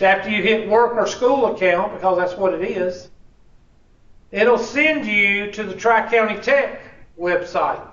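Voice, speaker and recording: This is classroom instruction from a male college teacher whose voice sits high and a bit bright. He keeps things casual and full of jokes, with a drawled "y'all." Captured from across the room, the sound is echoey, far-off, and dull.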